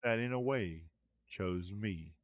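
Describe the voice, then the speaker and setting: A man's voice: on the low side, slow pace, no room sound. A man voicing a solemn elf elder. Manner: formal, stately speech.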